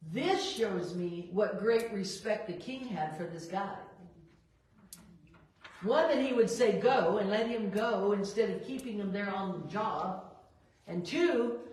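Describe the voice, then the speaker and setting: A woman leading a Bible study, reading verses and acting out the characters' lines with lively emphasis. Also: medium pitch. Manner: expressive, acts out biblical characters in quoted dialogue. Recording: roomy echo, voice a bit far from the mic.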